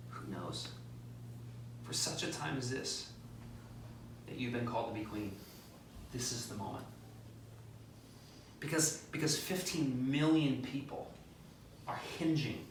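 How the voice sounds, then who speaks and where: A man preaching a conversational sermon as pastor, animated, acting out quotes and making joking asides. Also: mid-range voice, takes it slowly, pauses often, a little hiss or hum. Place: church sanctuary. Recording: very echoey, distant mic.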